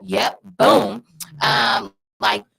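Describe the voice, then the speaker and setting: A woman's voice: mid-range voice, steady tone, extremely slow, creaky, pushed and bright, breathy edge, poor audio. A woman speaking frankly and casually in a group podcast chat, with casual swearing.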